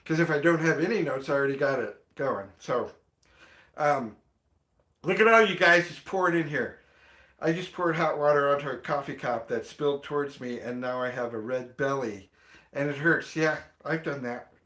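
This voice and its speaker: A man's voice: medium pitch, animated, moderate pace, pushed and bright, echoey room. A man hosting a casual morning livestream, chatting in a rambling way and greeting viewers by name. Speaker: livestream host.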